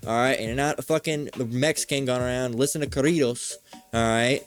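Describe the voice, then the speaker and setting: A man's voice: medium pitch, steady tone, fairly quick. Profane man preaching over faint music. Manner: profane, repeats "all right?" after each point. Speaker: religious teacher. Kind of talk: street preaching lesson.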